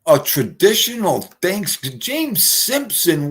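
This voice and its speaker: Brash, profane New livestream host. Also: male voice, mid-range voice, expressive, unhurried. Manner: brash, profane, greets chatters. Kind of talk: casual livestream chat.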